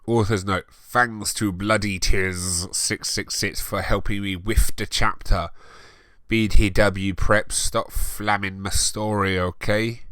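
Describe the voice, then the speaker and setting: A man's voice: deep voice, pushed and bright, no echo. Sweary, sarcastic man reading aloud. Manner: sarcastic, sweary, exasperated asides. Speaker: reader and commentator. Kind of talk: comedic dramatic reading with commentary.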